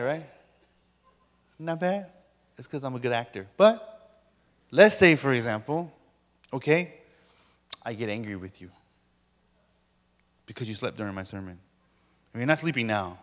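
Bantering pastor man in a big hall. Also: mid-range voice. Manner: playful, bantering with the audience. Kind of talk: sermon. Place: large lecture hall.

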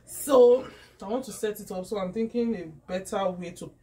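A woman talks straight to her viewers in a casual vlog, filmed on a handheld phone. She is chatty and excitable, running through her news with plenty of asides. It starts in a car, with vehicle noise behind her, and moves into a small home office. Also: medium pitch, normal speed. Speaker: vlogger.

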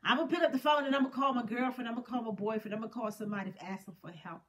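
Lively woman preaching a folksy sermon. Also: on the high side, racing. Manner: expressive, swings between loud emphasis and soft asides.

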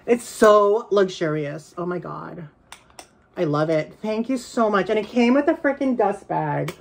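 A woman chatting casually as she unboxes and reviews secondhand bags, excitable and quick to gasp and laugh. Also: mid-range voice, gravelly, slight background noise. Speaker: reseller vlogger.

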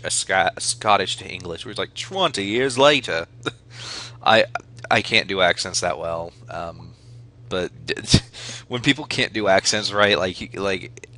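A man's voice: low-pitched, pushed and bright. A young man commenting casually on a game he is playing, rambling with many fillers and restarts. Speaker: let's play gamer.

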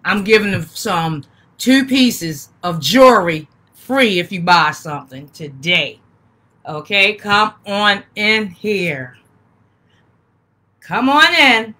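Woman, 50s, live-stream seller, folksy, repetitive welcomes, slow pace, bright tone. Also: mid-range voice, expressive. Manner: folksy, repeats welcomes over and over. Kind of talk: casual live-stream sales chat.

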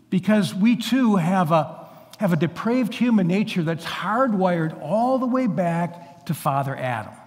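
Male pastor, high voice, emphatic sermon delivery, stumbles and restarts, long church reverb. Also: expressive, measured pace. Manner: earnest, emphatic preaching with frequent restarts. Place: large church sanctuary.

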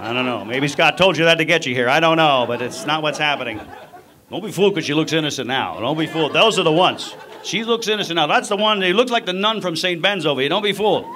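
Punchy middle-aged stand-up comic. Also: male voice, fairly high pitch, quick pace. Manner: energetic, punchy, teasing the crowd. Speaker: stand-up comedian. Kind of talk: live stand-up comedy. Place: comedy club stage with live audience. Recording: live club audio with audience noise.

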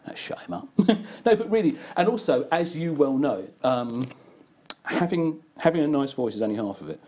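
A man's voice: a little high, lively intonation, moderate pace, mellow. An older man who works as an advertising writer and producer, chatting casually and acting out quoted exchanges in his stories. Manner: anecdotal, acts out quoted exchanges. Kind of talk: casual conversation.

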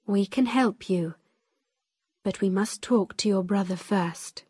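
A woman reading the lines of a calm, kindly gentleman questioning a family, with gentle, patient phrasing. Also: medium pitch, slow, breathy edge, dry recording.

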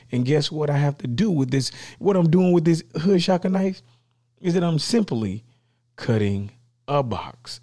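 With a mid-range voice, a vlogger opens up his new gear excitedly. He speaks casually and playfully and leans heavily on slang.

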